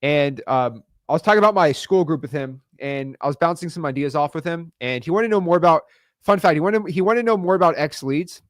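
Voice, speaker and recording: Male coach, a bit high-pitched, punchy slangy delivery, dry close sound. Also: expressive, no echo. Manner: fast, emphatic, slangy, repeats words for emphasis. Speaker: real estate wholesaling coach. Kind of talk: energetic coaching video lesson.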